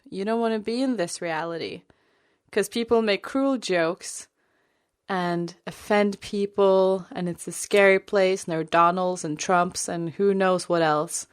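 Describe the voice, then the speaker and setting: In casual podcast chat, this female co-host rambles along, leaning on plenty of filler words. She has a mid-range voice with a clean tone.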